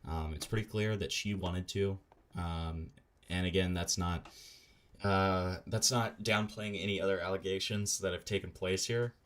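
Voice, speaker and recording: Brief: male online commentator, low voice, casual and sarcastic, crude slang. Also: steady tone, moderate pace.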